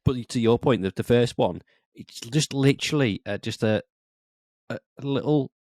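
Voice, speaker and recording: A man co-hosting a podcast in casual chat, animated and acting out quoted remarks in a raised voice. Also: medium pitch, normal speed, no room sound, studio quality. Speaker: podcast co-host.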